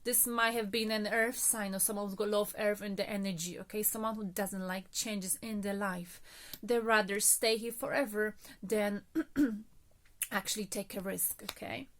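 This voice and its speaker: A woman's voice: mid-range voice, fairly even intonation, normal speed. A woman reading tarot cards in a casual, chatty monologue, a little out of breath, often checking in with "okay?" and filler words. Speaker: tarot reader.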